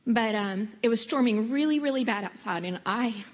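A woman giving a heartfelt personal testimony, slowing down for emphasis. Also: on the high side. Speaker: church member sharing testimony. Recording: dull recording in a reverberant hall, faint music.

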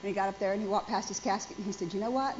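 A woman's voice: medium pitch, flat delivery, racing, darkish tone. A woman in her forties preaching a sermon in a church, speaking emphatically and putting questions to the congregation. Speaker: pastor. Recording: dull lo-fi sound with faint noise.

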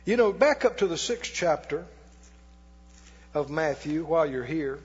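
A man preaching in a church, his voice pitched high and a bit husky, with folksy call-and-response to the congregation. The recording is dull and lo-fi, and a long hall reverb trails each phrase. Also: animated, measured pace. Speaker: pastor. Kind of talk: sermon.

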